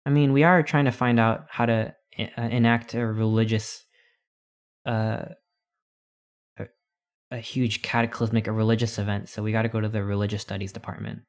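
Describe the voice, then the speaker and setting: A man's voice: fairly low pitch, flat delivery, moderate pace, long pauses. A man streaming a text adventure, reading it aloud with playful, rambling asides.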